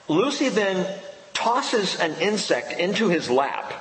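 A man preaching a sermon in a church, emphatic, pausing dramatically on key words. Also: a little high, big pitch swings, a bit bright. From United States. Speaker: pastor. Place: church sanctuary. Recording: echoey hall with long reverb.

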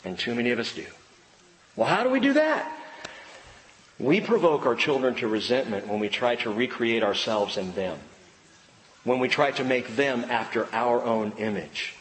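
A middle-aged male pastor preaching a sermon with animated delivery, acting out the voices of children and parents. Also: mid-range voice, moderate pace, slight background noise. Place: church sanctuary. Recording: long reverb in a large hall, faint background ambience.

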